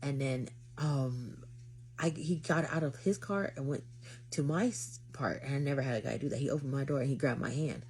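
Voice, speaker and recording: A young woman with a notably low voice tells a date story straight to her viewers, playing up every quote with drama. A faint hiss sits under her voice. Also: moderate pace. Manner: dramatic, acts out quotes, lively retelling. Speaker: vlogger telling a dating story. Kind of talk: animated storytelling to camera.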